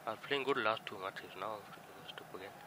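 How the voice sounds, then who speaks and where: A man's voice: on the low side, fast, background noise. A young man commentating his own football video game, frustrated and ranting at his players. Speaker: gaming channel host. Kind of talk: let's play commentary.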